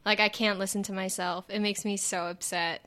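A woman's voice: mid-range voice, little pitch movement, a little fast, bright, forceful tone, clear, resonant tone. A woman with a Valley girl accent co-hosting a podcast, chatting in a scatterbrained way and saying "like" and "dude" a lot. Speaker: podcast co-host. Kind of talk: casual chat.

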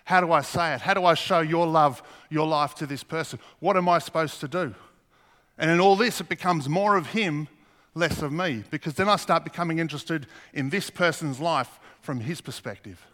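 A man's voice: on the high side, moderate pace, fairly bright tone. A man preaching a sermon, earnest, asking the congregation questions as he reads scripture. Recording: long hall reverb.

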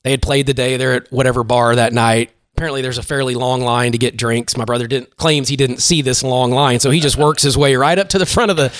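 A man's voice: mid-range voice, no echo. A middle-aged man, a basketball coach, chatting casually on a podcast and acting out quotes as he tells stories. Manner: animated storyteller, acts out quotes.

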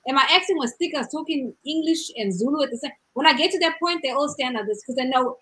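A woman in casual chat about raising her daughters, blunt and animated, laughing often. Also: high voice, fast, slight background noise, poor audio.

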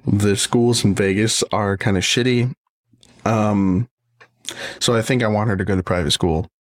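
Low-voiced man ranting about parenting. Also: steady tone, measured pace, dry recording, studio quality. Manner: rambling, profane, many restarts. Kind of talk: casual monologue.

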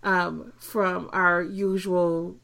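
A woman's voice: lowish voice, level tone, very slow, creaky, a bit bright. A woman co-hosting a podcast in casual chat, giggling often and rambling with many ums. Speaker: podcast co-host.

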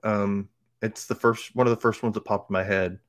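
A man's voice: on the low side, fairly even intonation, moderate pace. A man from Mississippi with a light Southern accent and theater-trained diction, rambling through stories with lots of fillers as a podcast guest. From Mississippi, USA. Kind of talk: casual chat.

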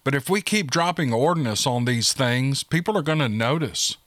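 A man's voice: mid-range voice, animated, normal speed, a bit bright, dry recording, clean studio sound, close to an everyday voice. A man voicing an agitated, snappy male soldier in an audiobook.

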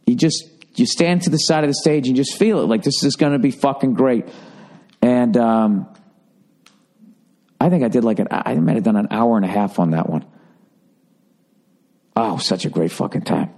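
A man rambles through a casual podcast monologue, swearing freely and wandering off into asides. His pitch sits in an ordinary middle range for a man, and he talks bluntly with loose, unpolished delivery. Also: moderate pace, pauses often, a little mellow. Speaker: comedian podcast host.

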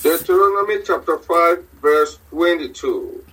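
A man reading Bible verses aloud slowly and deliberately during a sermon. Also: on the high side, a bit bright, slightly rough. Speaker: scripture reader. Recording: distant from the mic.

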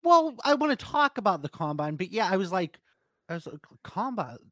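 A man's voice: high-pitched, big pitch swings, brisk, a bit bright, dry recording, studio quality. A man hosting a sports podcast in casual, chatty talk, with self-deprecating asides. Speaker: podcast host.

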